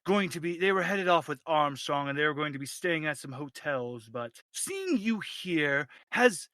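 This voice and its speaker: A man running a tabletop horror game as game master, narrating in an animated way and laughing often. His voice is very bright and sharp, and it sits a little high. The sound is dry and close. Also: normal speed, dry recording.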